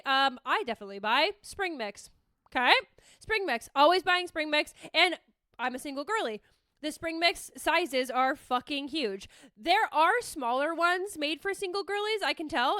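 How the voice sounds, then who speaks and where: A woman in her thirties hosting a podcast, telling a story in a playful, profane, animated way. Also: high voice, dry recording, clean studio sound. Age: 30s. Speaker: podcast host. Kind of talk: casual solo storytelling.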